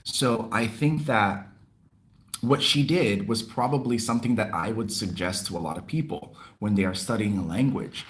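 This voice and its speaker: A young man hosting a livestream, chatting casually and telling a story in an animated, expressive way. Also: fairly low pitch, normal speed. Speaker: livestream host. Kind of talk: casual chat.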